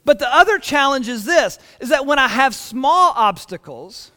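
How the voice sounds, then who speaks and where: A man, preaching a sermon in church with lively storytelling and frequent restarts. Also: very high voice, normal speed, long reverb tail. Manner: animated storytelling with repeated restarts. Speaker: pastor.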